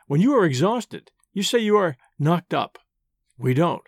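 A man narrating a classic essay in a measured, dry reading style, imitating pronunciations as he goes. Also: high voice, very animated, no echo. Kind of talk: scripted narration.

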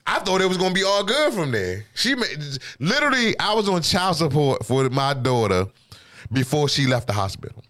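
A man's voice: fairly high pitch, sing-song, normal speed, fairly bright tone. A man in his thirties, a podcast host, chatting casually and with a lot of swearing as he tells a rambling personal story. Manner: rambling storyteller, often asks "you know what I'm saying". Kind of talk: casual profane chat.

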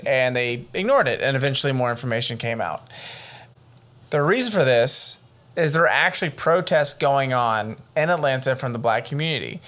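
Man, podcast co-host, casual true-crime chat, excitable and profane, mid-pitched voice. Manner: animated, profane, excitable storytelling.

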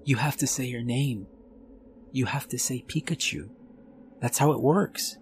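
A gentle young daughter pleads softly and earnestly in a spoken horror story. Her voice sits noticeably higher than the reader's usual tone, as a man puts her on. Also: unhurried, slight background noise, close to an everyday voice.

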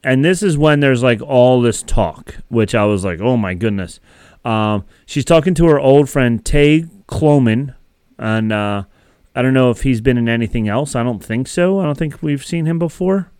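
A man's voice: medium pitch, expressive, moderate pace, a little mellow, clear, resonant tone, dry recording, studio quality. A man casually recapping a TV episode as a podcast co-host, rambling with many fillers. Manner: rambling, filler-heavy storytelling.

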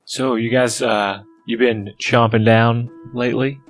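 A man's voice: medium pitch, steady tone, measured pace. A man with a mid-range voice joking and teasing his way through a tabletop role-play session. His tone stays playful, with faint music in the background.

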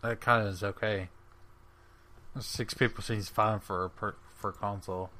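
Give a man with a bright, sharp voice who explains game mechanics step by step on a casual podcast. He walks through each stage patiently and plainly. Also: lowish voice, fairly even intonation, normal speed. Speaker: podcast co-host. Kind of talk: casual gaming chat.

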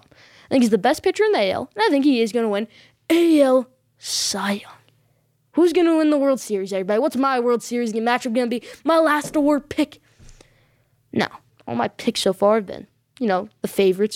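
Woman, sports vlog host; emphatic, repeats herself for punch; higher voice, dry sound. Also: lively intonation, fast talker, darkish tone, dry recording. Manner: emphatic, insistent, repeats short affirmations. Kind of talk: casual sports predictions.

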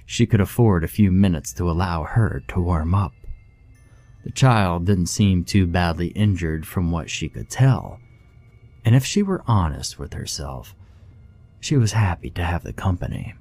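Male horror narrator, deep, dark tone, expressive rise and fall. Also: no echo. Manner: slow and measured, dramatic. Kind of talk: scripted horror story narration.

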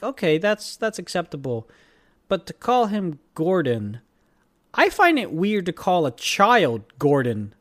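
A young man chatting casually and jokily as a podcast co-host, rambling and animated. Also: high voice, a little slow. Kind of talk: casual chat.

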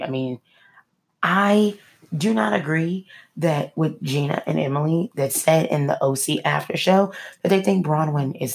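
A woman's voice: low voice, vocal fry, a little mellow. A woman hosting a casual solo podcast, chatty and opinionated, often joking and then taking it back. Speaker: podcast host.

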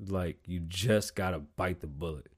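Profane, animated man hosting a podcast. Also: low-pitched, normal speed, slightly rough. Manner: profane, animated storytelling with loud outbursts. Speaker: podcast host. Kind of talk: casual solo podcast talk. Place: small home studio.

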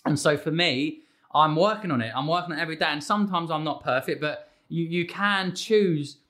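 A man in his thirties, a fitness coach talking as a podcast guest, energetic with quick restarts and repeated words. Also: on the high side. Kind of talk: casual podcast conversation.

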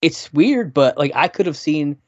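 A man's voice: on the high side, animated, unhurried, a little mellow, dry recording. A man co-hosting a podcast, laughing often and recapping scenes with enthusiasm. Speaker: podcast co-host. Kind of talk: casual chat. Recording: dry, dull lo-fi sound.

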